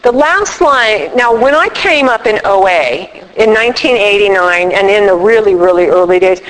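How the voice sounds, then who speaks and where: A middle-aged woman giving a recovery workshop talk, an animated storyteller who acts out both sides of her conversations. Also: medium pitch, normal speed. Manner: animated storyteller acting out dialogue. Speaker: workshop speaker. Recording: reverberant hall.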